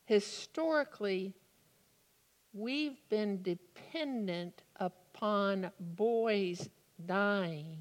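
A woman preaching a sermon in a slow, deliberate way with dramatic pauses. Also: mid-range voice, animated, fairly bright tone. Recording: long hall reverb.

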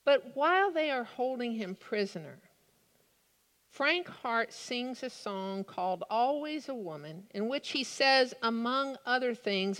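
Woman, preacher, sermon, deliberate, dramatic pauses, long reverb. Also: fairly high pitch, lively intonation, fairly bright tone.

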